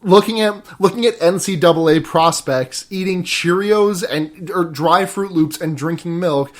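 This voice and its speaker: A man's voice: sits high, moderate pace. A man co-hosting a podcast in casual chat, joking, swearing and going off on tangents. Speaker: podcast co-host.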